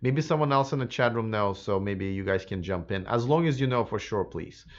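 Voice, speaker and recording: A man's voice: fairly low pitch, lively intonation, a little fast, dull audio. Chatty man hosting a live Q&A. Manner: casual and chatty, many fillers and restarts. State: slightly hoarse, losing his voice. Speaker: host of a live electric car stream. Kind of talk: live-stream Q&A, reading viewer comments.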